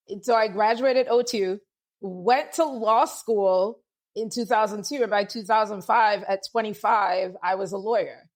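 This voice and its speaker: A woman in her forties with an Antiguan accent worn down toward American speech. She is a guest on a casual podcast and tells stories with energy, acting out what other people said. Her pitch sits in a middle range. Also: moderate pace. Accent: Antiguan, softened toward American. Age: 40s. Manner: animated storyteller, quotes people in lively voices. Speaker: guest, lawyer and author.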